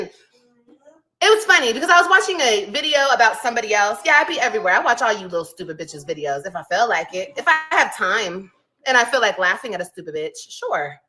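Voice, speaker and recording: A woman rants to her camera, defiant and mocking, swearing freely. Her voice sits high and swings widely. It has a bright, sharp edge. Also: low-quality recording. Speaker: content creator in a played clip. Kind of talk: heated rant to camera.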